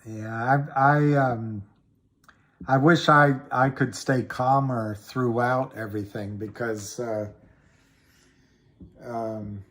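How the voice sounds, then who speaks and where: A man hosting a casual livestream, chatting slowly and rambling while reading viewer comments aloud. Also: mid-range voice. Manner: slow, rambling, reads chat comments aloud. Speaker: livestream host. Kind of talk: casual livestream chat about stocks.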